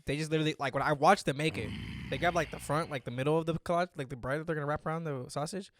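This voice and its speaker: A young man co-hosts a casual podcast chat, teasing his friend, swearing freely and leaning heavily on filler words. His voice is on the high side and fairly bright, and he talks very fast.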